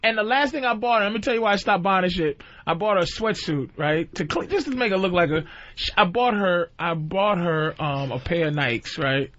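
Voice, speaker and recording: High voiced guy on talk radio doing raunchy stories, does all the voices, kinda muffled audio. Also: brisk. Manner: animated, acts out quoted voices. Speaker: radio show regular. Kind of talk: crude comedic storytelling. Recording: dull lo-fi radio recording.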